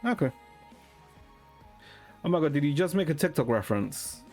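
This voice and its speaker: A man streaming and chatting casually with a deadpan manner, swearing often. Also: fairly high pitch, moderate pace, faint music behind.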